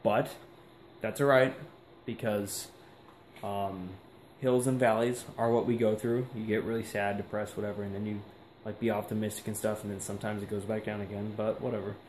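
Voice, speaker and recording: A man's voice: fairly low pitch, little pitch movement, moderate pace, a little mellow. A young man vlogging casually, rambling and reflective with lots of fillers. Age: young adult. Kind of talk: casual vlog monologue. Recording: echoey room with faint background hiss.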